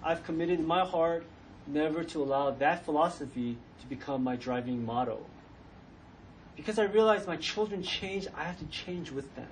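A man's voice: fairly high pitch, normal speed, recorded from a distance, rough recording. A middle-aged man preaching a sermon in church, chatty and conversational, acting out the voices of parents and children as he goes. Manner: conversational, acts out quoted voices. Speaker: pastor. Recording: faint noise, voice from off the mic.

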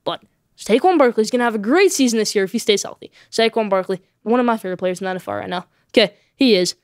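Woman doing a solo sports podcast, talks super fast, keeps saying okay?, all fired up, dry close sound. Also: medium pitch, dry recording. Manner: emphatic, repeats points with a tag "okay?"; excitable, animated opinions.

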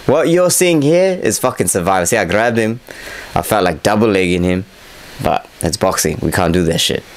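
A young man narrates casually over footage of his own boxing fight, breaking it down candidly and self-critically while swearing freely. His low voice has lively intonation and a moderate pace, in a low-quality recording with slight background noise.

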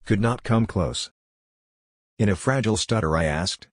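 A man narrating a scripted horror story in a measured, solemn first-person telling. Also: fairly low pitch, lively intonation, dry recording, clean studio sound.

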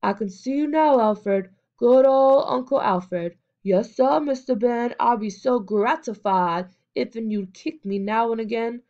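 A sneering, swaggering teenage bully , put on by a woman reading aloud. He taunts and mimics in a raised, pushed-up voice that booms out louder than her narration. The sound is a little dull and muffled. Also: measured pace, few pauses. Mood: mocking. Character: swaggering teenage boy gang leader, mocking bully.

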